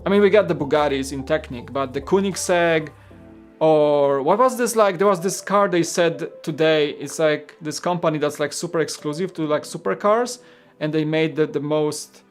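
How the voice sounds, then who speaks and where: A man chats casually on a livestream, rambling and stopping to read out viewer comments. His voice sits a little high for a man. Soft guitar music plays faintly underneath. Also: moderate pace. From Poland. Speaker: host.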